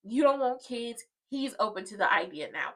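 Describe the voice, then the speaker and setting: A woman hosts a casual soap opera watchalong, walking through each scene in a sassy, dramatic way. Her voice is bright and pointed, and she keeps the tone loose and conversational. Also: a little high, sing-song, moderate pace, poor audio. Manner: sassy, dramatic, acts out the characters' lines. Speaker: soap opera recap host. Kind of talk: casual watchalong recap commentary.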